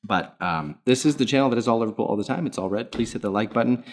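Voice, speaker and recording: A man's voice: animated, fast talker. A man hosting a football fan channel from his home kitchen, talking casually and playfully to camera in a put-on English accent. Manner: playful, theatrical, jumps in pitch.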